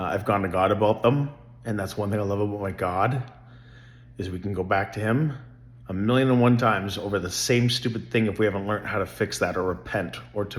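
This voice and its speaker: Middle-aged man, lowish voice, earnest and rambling, casual family vlog talk. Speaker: vlogger.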